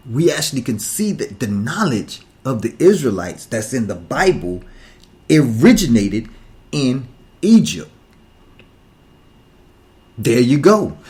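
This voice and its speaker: Preachy man with lively pitch. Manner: preachy, rhetorical questions, emphatic repetition. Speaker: talk show host. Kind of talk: impassioned monologue.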